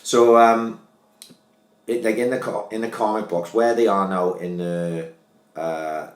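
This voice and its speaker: A man's voice: lowish voice, fairly even intonation, unhurried. A man in a casual podcast chat, explaining things in a hesitant, stop-start way. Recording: roomy echo.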